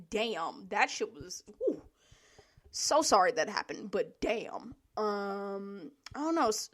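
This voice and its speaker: A woman hosting a solo podcast, ranting in a blunt, profane, heated way, with sighs and laughs between her points. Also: medium pitch. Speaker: podcast host.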